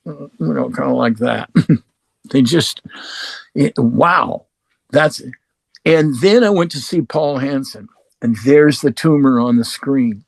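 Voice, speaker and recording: A man from Oregon with a mid-pitched, gravelly voice, recounting his own story as a guest. He talks casually, swears freely and plays out both sides of each exchange. The recording is dry and close. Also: takes it slowly, long pauses, no echo. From Oregon, United States. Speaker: guest musician.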